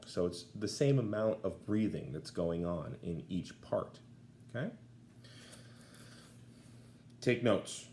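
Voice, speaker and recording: A man's voice: on the low side, expressive, a little slow, darkish tone. A man teaching a casual video lesson, often checking in with the class as he explains. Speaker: Latin teacher. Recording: echoey room, faint background noise.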